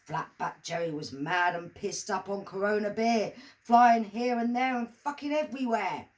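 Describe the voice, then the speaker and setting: A woman reading her own comic rhyming story aloud in a lively, sing-song storytelling manner. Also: mid-range voice, moderate pace, a little hiss or hum, rough recording.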